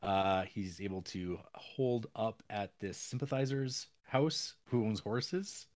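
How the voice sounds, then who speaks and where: In a casual podcast film discussion, a male co-host with a very low, darkish voice meanders through the plot. Between filler words, he keeps breaking into quick acted-out lines.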